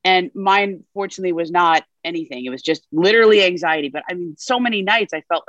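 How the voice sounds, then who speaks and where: A woman's voice: on the low side, a little fast, few pauses, a bit bright, dry recording, highs cut off. A woman in her thirties, a reporter guest on a podcast, animatedly recounting a story. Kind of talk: casual conversation.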